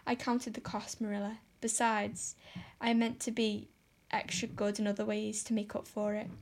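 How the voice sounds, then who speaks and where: A woman's voice: mid-range voice, little pitch movement, moderate pace, close to an everyday voice. A woman reading as a melodramatic despairing girl. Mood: pleading. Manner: melodramatic, pleading, overwrought. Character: dramatic, despairing young girl. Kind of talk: audiobook character voice.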